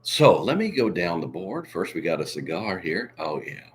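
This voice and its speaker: A hoarse man hosting a casual live stream, coughing now and then and reading out viewer comments in a showy way. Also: deep voice, very animated, moderate pace, slight background noise.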